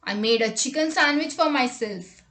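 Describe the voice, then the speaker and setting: A woman reading a scripted English vocabulary lesson, saying example words and sentences slowly and deliberately. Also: sits high, expressive, fairly bright tone, echoey room. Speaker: English teacher.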